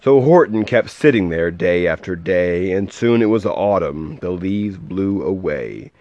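A man reading a rhyming picture book aloud to a child, with a lively, sing-song delivery and soft asides. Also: deep voice, measured pace, dry recording, dull audio.

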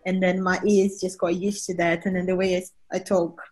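A woman's voice: fairly low pitch, level tone, a little fast, darkish tone, faint music behind. A young woman from Brazil with a Brazilian accent shifted toward British English, chatting casually as a podcast guest and laughing often. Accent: Brazilian Portuguese, shifted toward British English.

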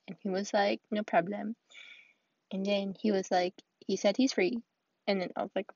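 Husky-voiced teen girl venting. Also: mid-range voice, fairly even intonation, moderate pace, no echo, highs cut off. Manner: rambling, quotes conversations with "I was like"; drops to soft whispers now and then. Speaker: podcast host. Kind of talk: solo venting monologue. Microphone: earphones with mic.

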